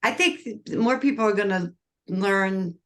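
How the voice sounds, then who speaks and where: A woman's voice: medium pitch, a little slow. A middle-aged woman hosting a podcast, chatting enthusiastically and rambling with casual swearing. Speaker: podcast host.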